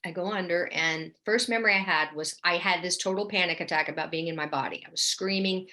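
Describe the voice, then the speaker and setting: A woman from New Orleans, a guest in an interview, telling her story in a lively, vivid way with lots of "like" and "right?". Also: lowish voice, a little fast, hardly any pauses. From New Orleans, USA. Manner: animated, vivid storyteller, often says "like" and "right?".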